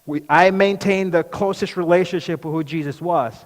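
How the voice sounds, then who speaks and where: A man's voice: high-pitched, fairly even intonation, moderate pace, close to an everyday voice. A man speaking in character as the apostle Peter, an outspoken, impulsive fisherman, in an earnest monologue that questions the audience directly. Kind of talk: dramatic first-person monologue. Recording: echoey hall reverb.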